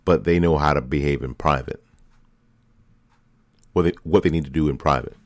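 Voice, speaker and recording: Male show host, extremely low voice, dry close sound, fervent repetitive rhetoric. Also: moderate pace, dry recording. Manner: impassioned, repetitive rhetorical questions. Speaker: political commentary host. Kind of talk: opinion monologue.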